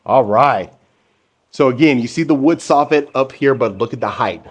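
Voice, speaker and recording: A man's voice: medium pitch, normal speed, echoey room, long reverb tail. A man hosting a home tour, narrating room by room with upbeat, salesy enthusiasm.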